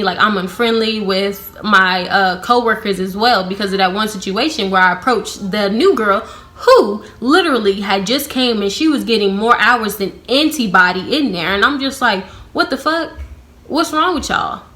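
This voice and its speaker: A woman's voice: mid-range voice, moderate pace. A young woman telling a storytime vlog in a casual, blunt, profane way, full of "like" fillers and sarcastic asides. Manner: sarcastic, animated when quoting herself. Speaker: vlogger.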